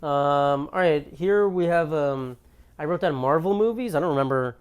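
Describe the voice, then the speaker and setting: A man's voice: a little high, normal speed, smooth. Ranting young man comedy monologue. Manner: ranting, exasperated, profane storytelling. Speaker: comedian podcast host. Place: apartment.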